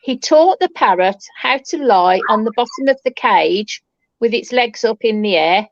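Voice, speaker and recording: A woman on a paranormal chat panel, telling a lively anecdote and repeating phrases as she goes. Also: on the high side, normal speed, no room sound, muffled recording. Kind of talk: casual chat.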